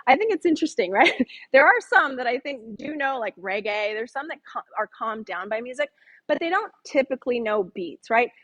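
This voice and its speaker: Woman, middle-aged Bible study leader, high-ish voice, playful and conversational. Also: sing-song, fairly quick, a bit bright, low-quality recording. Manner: chatty, jokes with the audience, acts out voices in quotes.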